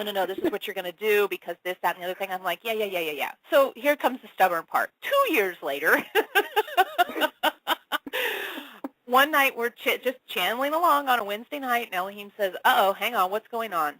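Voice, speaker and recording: A woman guest in an interview tells her story with lively, expressive delivery. She swears casually and acts out both sides of every conversation, her voice jumping high for emphasis. The sound is dry and close. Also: fast talker, few pauses, no room sound, low-quality recording. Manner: expressive, casual swearing, acts out dialogue with big pitch swings. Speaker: spiritual channel, interview guest.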